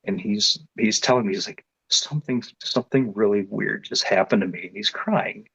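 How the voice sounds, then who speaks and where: A man's voice: fairly low pitch, normal speed, vocal fry, husky, no echo. Rambling man with a dull, dry sound. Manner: rambling, with many restarts and fillers; grows more animated and louder as the story builds. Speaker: interview guest telling his experience. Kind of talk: casual storytelling.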